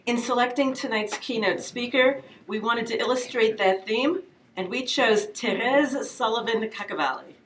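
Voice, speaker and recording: A woman introducing a conference keynote speaker from a prepared text, in a measured, formal way. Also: on the high side, a bit bright. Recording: echoey hall from far off.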